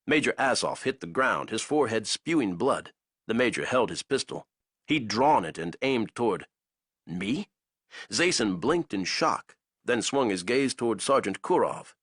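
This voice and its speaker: A male narrator reads an action novel aloud with a husky voice. His pitch moves a lot as he builds each scene. The recording is dry, with no room sound. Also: fairly bright tone, no room sound. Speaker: audiobook narrator. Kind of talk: dramatic audiobook narration.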